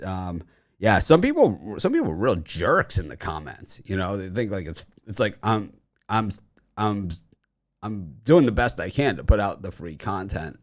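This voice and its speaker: A man hosting a sports betting picks show, talking loosely with lots of fillers and restarts while recovering from dental surgery. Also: low voice. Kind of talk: casual chat.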